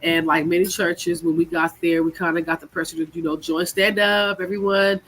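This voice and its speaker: A woman from California, stuffy from a cold, hosting her podcast and telling her personal story in a candid, halting way full of fillers. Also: on the low side, flat delivery, a bit bright. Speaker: podcast host.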